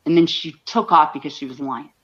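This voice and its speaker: A woman's voice: deep voice, fairly quick, fairly bright tone, dull audio. A woman hosting a livestream, ranting angrily with lots of swearing and broken restarts. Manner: angry, profane, talks in bursts with restarts. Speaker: livestream host. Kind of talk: heated livestream rant.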